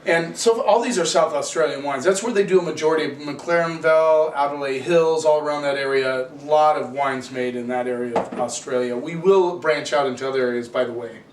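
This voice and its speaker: A man's voice: on the high side, fairly quick, few pauses. A man casually reviewing wines, chatty and opinionated, ranting with rhetorical questions. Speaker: wine reviewer. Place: home room with cameraman. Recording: echoey room, distant camera mic, faint hiss.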